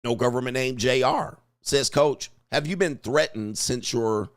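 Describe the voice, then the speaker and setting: Speaking a little slowly in a clean, mid-range voice, a middle-aged man hosts a relaxed livestream. He tells a story full of slang and laughter, animatedly reading viewers' chat messages out loud.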